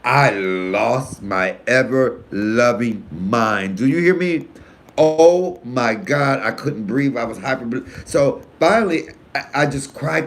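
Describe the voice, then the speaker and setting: A comedian from Detroit telling stories casually and profanely in a live video, swinging between loud bursts and hushed asides. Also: male voice, medium pitch, measured pace. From Detroit, USA. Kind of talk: casual live-stream storytelling.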